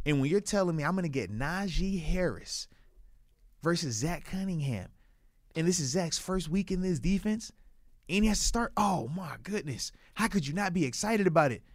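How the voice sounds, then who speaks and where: A man's voice: high voice, animated, moderate pace, dry recording, clean studio sound. A man co-hosting a casual sports podcast, talking in an emphatic, hyped and playful way, stretching words for effect.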